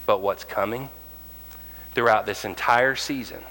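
A man preaching a sermon as pastor, animated and acting out the voices of the people in his stories. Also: fairly low pitch, unhurried, long reverb tail, rough recording. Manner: animated, acts out quoted voices.

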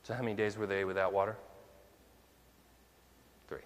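A man's voice: fairly low pitch, level tone, normal speed, in a large hall. A male minister preaching a conversational sermon, full of rhetorical questions to the congregation.

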